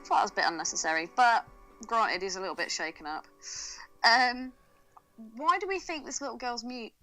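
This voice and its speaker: A woman's voice: on the high side, fairly quick, pushed and bright, faint music behind, low-quality recording. A woman co-hosting a casual podcast chat, laughing often and using slang. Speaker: podcast co-host.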